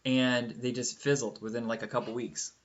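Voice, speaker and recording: A man's voice: medium pitch, moderate pace, muffled recording. A man in his forties hosting a casual podcast chat, telling stories and acting out the lines of people in them. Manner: animated storyteller, acts out quotes. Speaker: podcast host.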